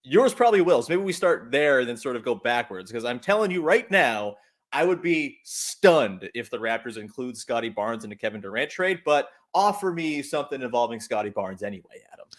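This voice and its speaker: A man's voice: mid-range voice, big pitch swings, a little fast. A man hosting a sports podcast, chatting casually and joking, with upbeat ad reads. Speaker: podcast host. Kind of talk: casual sports chat and read ad.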